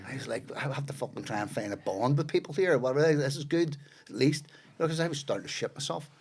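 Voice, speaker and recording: A man's voice: mid-range voice, brisk, vocal fry. A middle-aged man, a podcast guest telling rambling, profane anecdotes. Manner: swears freely, rambling anecdotes with fillers. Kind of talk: casual storytelling.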